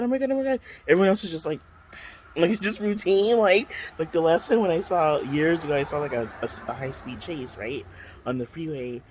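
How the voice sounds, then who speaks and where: A man's voice: a little high, slight background noise. A man vlogging at home, telling a bus story and then unboxing skincare, chatty with dramatic exclamations and lots of fillers. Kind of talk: casual storytime and product unboxing.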